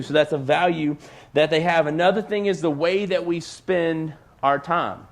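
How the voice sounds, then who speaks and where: Chatty youth pastor, man, slightly high voice. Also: moderate pace. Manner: conversational, peppered with "like". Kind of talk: casual youth sermon. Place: church stage.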